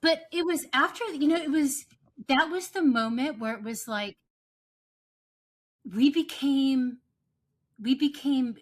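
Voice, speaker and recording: A woman co-hosting a podcast who tells stories in an animated way and repeats phrases for emphasis. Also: high-pitched, slow pace, long pauses. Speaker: podcast co-host. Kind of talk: casual chat.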